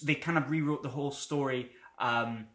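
Chatty man, bright voice, roomy sound. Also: medium pitch, steady tone, normal speed. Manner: chatty, rambling, laughs often. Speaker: podcast co-host. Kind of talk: casual chat.

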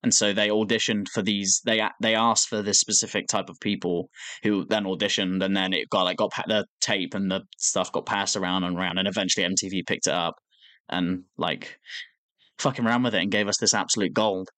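A man's voice: deep voice, a little fast, no room sound. A young man, a podcast co-host, telling a story in casual chat, swearing often and acting out the lines of the people he talks about. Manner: animated storytelling, swears a lot, acts out quotes.

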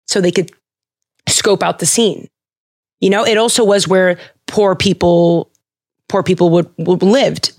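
A woman hosting a podcast, retelling a story in a casual, playful and animated way, with jokes and restarts. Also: lowish voice. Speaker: podcast host.

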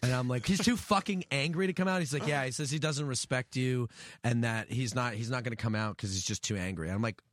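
A man in casual podcast chat, telling a story with lots of swearing and animated retelling. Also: medium pitch, brisk, no room sound, clean studio sound. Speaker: guest musician.

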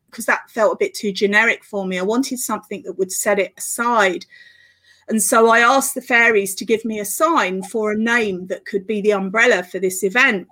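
A middle-aged woman, a guest on a podcast interview, telling her story in a flowing, earnest way with quick laughs. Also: medium pitch, pushed and bright. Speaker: guest, author and festival organiser.

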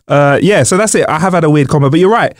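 A man's voice: on the high side, fast talker, no echo, studio quality, soft background music. A man co-hosting a casual podcast, rambling with many fillers and hesitations. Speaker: podcast co-host.

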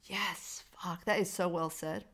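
A woman co-hosting a casual film podcast, animated and swearing freely, with frequent restarts. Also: fairly low pitch, a little slow. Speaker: podcast co-host.

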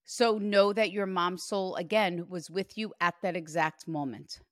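A woman giving a spirit reading as a medium, speaking in an animated, emphatic and reassuring way. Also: on the low side, unhurried, dry recording, studio quality. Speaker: psychic medium.

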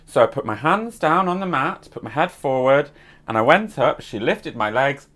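A woman's voice: rumbling low, normal speed. A woman co-hosting a podcast, telling an anecdote in casual chat and acting out what people said. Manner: animated anecdote-telling with acted-out quotes. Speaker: podcast co-host.

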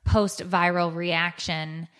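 Low-voiced woman podcast host, rambling. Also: little pitch movement, slow pace, a bit bright, clear, resonant tone. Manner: rambling, restarting storyteller. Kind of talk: casual chat.

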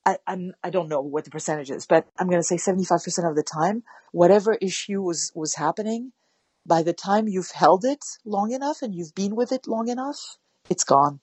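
A woman with a slightly husky voice speaks in a close, dry recording. She talks animatedly about parenting and often acts out gentle, soothing words to a child. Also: lowish voice, brisk, dry recording. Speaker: parenting guest. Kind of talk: conversational interview.

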